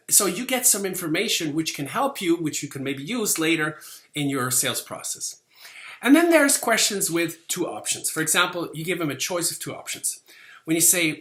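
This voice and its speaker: Lively, bright-voiced male sales instructor, casual lecture delivery, roomy echo. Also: on the high side, normal speed. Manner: lively, conversational, acts out quoted lines, frequent "okay?" checks.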